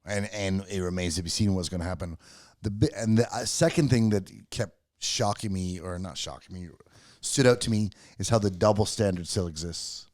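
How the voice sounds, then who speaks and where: A man's voice: low-pitched, moderate pace, a little mellow, no room sound, clean studio sound. A man co-hosting a podcast in casual chat, earnest and stammering through restarts. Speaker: podcast co-host.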